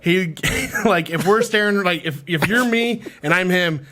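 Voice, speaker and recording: A man's voice: sits high, pushed and bright. A man co-hosting a casual podcast chat, laughing along and telling short stories. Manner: laughs along, quick interjections. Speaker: podcast co-host.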